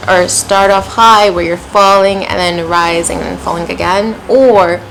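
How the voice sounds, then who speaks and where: A woman's voice: medium pitch, low-quality recording. American woman teaching pronunciation. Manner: clear, encouraging, demonstrative delivery. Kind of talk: pronunciation lesson with modeled examples.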